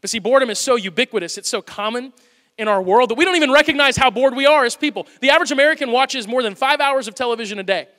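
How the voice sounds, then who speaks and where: Man, pastor, bright high voice, lively conversational sermon, hall reverb. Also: racing. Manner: animated, conversational, playful asides. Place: church auditorium.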